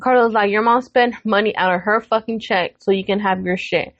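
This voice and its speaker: A woman's voice: medium pitch, a little fast, hardly any pauses, no room sound, dull audio. Woman telling a blunt family story. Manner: animated retelling with quoted voices, frequent swearing. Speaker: podcast co-host. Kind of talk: casual storytelling chat.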